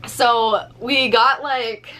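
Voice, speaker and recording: Young woman vlogging, bright voice, animated and sweary, lots of "like"s, faint hum behind. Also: fairly high pitch, extremely slow. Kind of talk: casual storytelling vlog.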